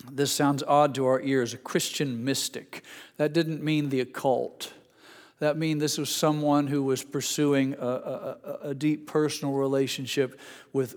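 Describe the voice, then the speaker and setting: A man preaching a sermon as pastor, halting and repeating words, then rising to emphatic, higher passages. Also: big-room sound.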